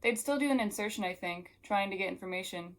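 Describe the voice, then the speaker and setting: A woman reading aloud as a gentle alien woman inside a human body, talking calmly and wistfully. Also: mid-range voice, fast, lightly acted.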